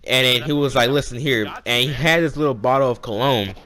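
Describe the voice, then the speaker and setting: A young man with a bright, forceful voice tells a personal story in a loose, casual way. He rambles and acts out the dialogue of the people in it. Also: mid-range voice, fairly quick. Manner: rambling, animated retelling with quoted dialogue. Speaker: vlogger.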